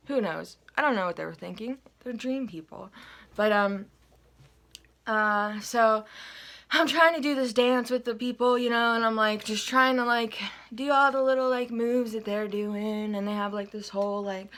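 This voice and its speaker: A woman recounts her dream in an easygoing, rambling monologue, often trailing into fillers and little asides. Her voice sits at an ordinary middle pitch for a woman. It sounds like an unedited phone recording. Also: normal speed, fairly bright tone. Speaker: vlogger telling a dream. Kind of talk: casual rambling storytelling.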